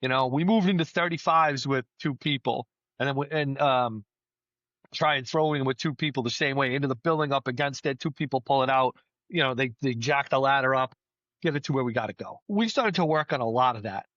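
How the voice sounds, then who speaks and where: A middle-aged man, a battalion chief, telling firefighting stories in a casual podcast chat, plainspoken and lively. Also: medium pitch, brisk, no room sound, muffled recording. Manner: storytelling, animated, plainspoken with mild swearing.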